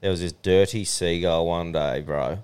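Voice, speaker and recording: A man's voice: low voice, steady tone, moderate pace, a little mellow, clean tone. A man with an Australian accent co-hosting a podcast, telling crude, laid-back yarns in casual banter. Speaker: podcast co-host.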